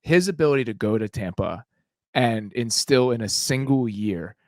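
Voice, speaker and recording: A man hosts a sports podcast and talks in a measured, reflective way. His voice sits in the middle range, and the recording is dry and close. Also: medium pitch, animated, darkish tone, no room sound. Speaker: podcast host. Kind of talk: casual podcast conversation.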